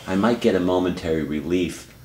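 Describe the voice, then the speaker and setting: Deep-voiced man, calm and reflective. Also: fairly quick, echoey room, a little hiss or hum. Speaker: therapist and teacher. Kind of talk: counseling dialogue.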